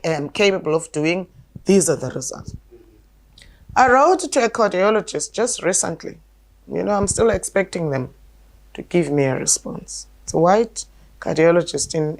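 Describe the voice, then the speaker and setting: A woman, an alternative health practitioner telling a story in a talk show. She speaks emphatically and insistently, often repeating words as she goes. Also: mid-range voice. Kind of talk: conversational storytelling.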